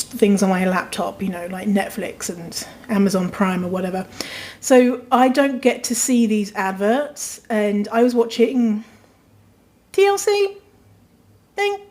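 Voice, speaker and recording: A woman's voice: mid-range voice, darkish tone. A woman hosting her own podcast, chatting casually and rambling, with plenty of fillers and frequent swearing. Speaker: podcast host. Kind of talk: casual chat. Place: rented apartment during quarantine.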